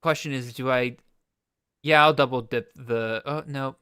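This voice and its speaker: A man's voice: mid-range voice, fairly even intonation, unhurried, pushed and bright, smooth, no echo, studio quality. A man hosting a live-streamed fantasy draft, thinking aloud with restarts and playful mock exasperation. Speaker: podcast host.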